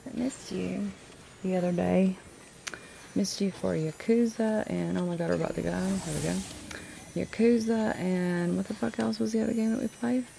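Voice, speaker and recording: Low, gravelly-voiced woman streamer; foul-mouthed, chatty with viewers. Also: steady tone, normal speed, background noise. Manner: profane, chatty, greets viewers affectionately. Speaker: game streamer. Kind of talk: casual live-stream chat while gaming. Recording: clear game music underneath. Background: game music.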